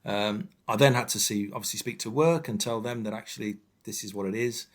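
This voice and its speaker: A man's voice: on the low side, a little fast. Frank man in his fifties. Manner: frank, hesitant, many fillers. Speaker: firefighter guest. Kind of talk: candid personal interview.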